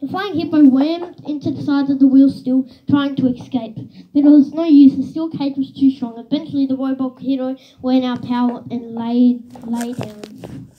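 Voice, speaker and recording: A woman reading a children's book aloud in an expressive storytelling manner, on a slightly dull recording with faint hiss. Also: sits high, moderate pace. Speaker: reader.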